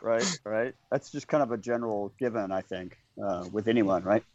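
A man's voice: lowish voice, moderate pace, a little mellow, no room sound, highs cut off. A man who is a guest author, agreeable and hesitant, speaking with many fillers. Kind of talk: casual interview chat.

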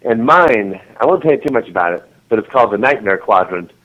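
Lively, giggly man on a muffled line. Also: on the low side, fairly quick. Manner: rambling, giggly, full of restarts and voice play. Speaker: author guest. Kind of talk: casual interview chat.

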